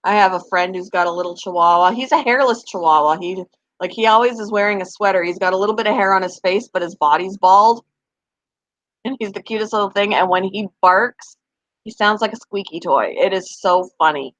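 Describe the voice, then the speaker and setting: A young woman with a mid-range, slightly bright voice talks a little fast on a dry recording. Hosting a casual pet live-stream, she chats and responds to viewers' comments as they arrive.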